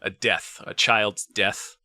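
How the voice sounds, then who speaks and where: A man co-hosting a podcast in casual chat, joking and dropping into low mock-solemn asides. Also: steady tone, slow, bright, forceful tone, dry recording, studio quality. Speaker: podcast co-host.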